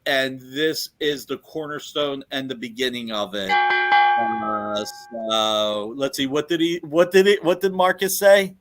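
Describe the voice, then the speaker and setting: A man dealing in comic art, giving an enthusiastic, rambling sales pitch in casual talk. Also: steady tone, a little slow, fairly bright tone.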